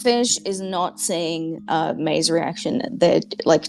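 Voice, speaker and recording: Woman player, slow and low, faint music underneath. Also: creaky, darkish tone, rough recording. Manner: slow, laughing. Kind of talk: casual tabletop play.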